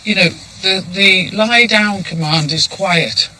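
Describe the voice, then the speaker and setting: A woman's voice: mid-range voice, takes it slowly, pushed and bright, a little hiss or hum, rough recording. A woman sheepdog trainer giving instruction outdoors on a hillside, calling commands firmly.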